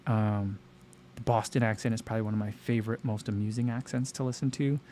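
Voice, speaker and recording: Fast and fairly flat in intonation, this man's fairly low, dark voice comes through with slight background noise. He's a livestream host reading his chat, casual and rambling, full of fillers and restarts.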